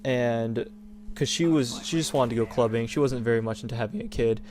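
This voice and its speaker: A man's voice: medium pitch, brisk, a little mellow. A young man hosting a gaming channel, talking in a rambling, indignant rant with many restarts. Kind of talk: casual opinion rant over gameplay.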